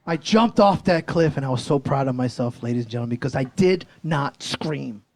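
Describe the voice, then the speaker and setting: A man in his forties performing a high-energy stand-up set, telling a story animatedly on a comedy club stage. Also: expressive, moderate pace, dry recording.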